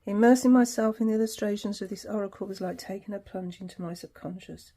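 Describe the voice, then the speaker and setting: A woman's voice: mid-range voice, mellow. A woman hosting her tarot channel, chatting casually through an unboxing, laughing easily and reading passages aloud.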